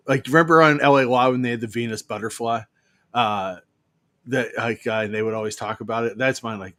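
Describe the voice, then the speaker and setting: A man's voice: medium pitch, fast talker, fairly bright tone, no room sound. A man in his fifties co-hosting a show, rambling through jokes with lots of fillers. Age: 50s. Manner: rambling, joking, many fillers. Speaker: co-host. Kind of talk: casual banter.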